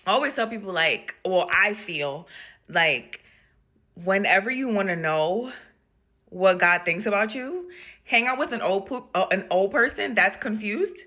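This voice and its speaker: A woman hospice nurse telling stories in a casual vlog, animated and laughing often as she acts out voices. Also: mid-range voice, measured pace.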